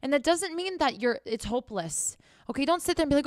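A woman's voice: high voice, expressive, quick pace, no echo, studio quality. A woman talking straight to the viewer in a candid motivational monologue, blunt, profane and sarcastic, scolding the listener directly. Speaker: host.

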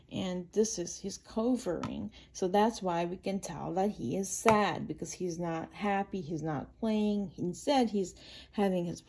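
Lady reading a kids book out loud and explaining it, real slow and mellow. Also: medium pitch. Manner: patient, simple explaining to children. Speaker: channel host reading a children's book. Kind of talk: picture-book read-aloud with explanation.

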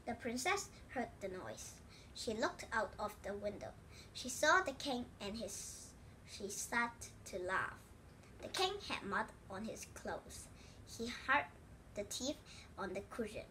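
A woman reading a children's storybook aloud in a slow, careful read-aloud way. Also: a little high, animated, sharp tone, slight background noise. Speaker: storybook reader.

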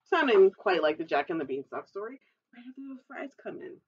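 A woman's voice: medium pitch, big pitch swings, brisk, breathy edge. Giggly woman reading a storybook aloud. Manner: chatty, giggly asides. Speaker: children's librarian. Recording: dull, distant recording.

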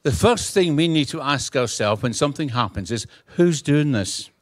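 A man's voice: a little high, dry recording, studio quality. A middle-aged man with a Scottish accent, preaching a humorous, storytelling sermon and acting out dialogue. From Scotland. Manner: humorous, animated, acts out dialogue. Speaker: guest preacher.

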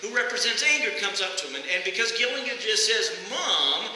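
A man with a high, very bright voice gives a storytelling sermon, often restarting his sentences. He speaks in a church, and the sound rings with heavy echo and a long reverb. A faint hiss sits under the voice. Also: fast talker. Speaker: pastor. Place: church sanctuary.

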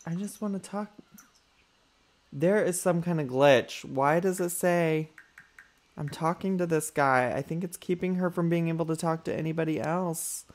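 A man's voice: a little high, moderate pace. A man giving chatty let's play commentary, calling his viewers y'all and talking back to his character with sass. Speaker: gaming YouTuber.

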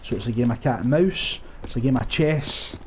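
Sweary gamer with mellow voice. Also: male voice, mid-range voice, normal speed, a little hiss or hum. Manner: sweary, sarcastic, laughing often. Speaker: gaming streamer. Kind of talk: casual gameplay commentary. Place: at home. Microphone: headset.

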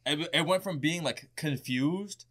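A man's voice: fairly high pitch, measured pace, a bit bright. A young man, a podcast guest, telling a wild story in casual, profane chat and often laughing.

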